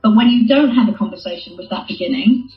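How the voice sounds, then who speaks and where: A woman explains communication in a calm, thoughtful voice, circling back to repeat her key points. She sounds like she is speaking into a remote call in an echoey room. The audio is dull and lo-fi, with faint music under it. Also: mid-range voice, fast. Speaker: guest, former hostage negotiator. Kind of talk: conversational interview.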